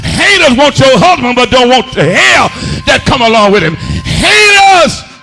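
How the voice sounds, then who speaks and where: A male pastor delivers a sermon in a church, his voice pitched very high and ringing bright. He shouts and half-sings his phrases in a rising preaching cadence and keeps calling on the congregation to respond. Faint music plays underneath. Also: very animated, unhurried. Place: church sanctuary.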